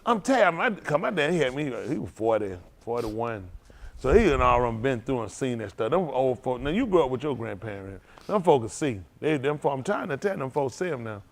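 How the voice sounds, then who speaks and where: A man's voice: medium pitch, very animated, fairly quick, gravelly. A man preaching in a folksy storytelling sermon, laughing often and repeating phrases as he acts out quotes. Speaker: pastor.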